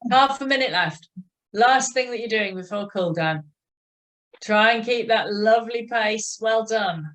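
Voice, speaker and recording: A woman leading a cycling exercise class, encouraging riders and counting out a steady tick-tock rhythm. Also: fairly high pitch, measured pace. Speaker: cycling instructor.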